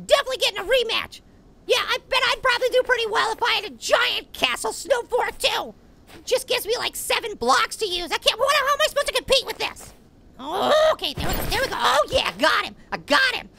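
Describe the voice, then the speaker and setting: A man voicing a tiny, excitable male cartoon apple who gives gameplay commentary and gets riled up at his opponent. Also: brisk, gravelly, heavily acted. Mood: excited. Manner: squeaky, easily riled, shouting at opponent. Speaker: let's play gamer.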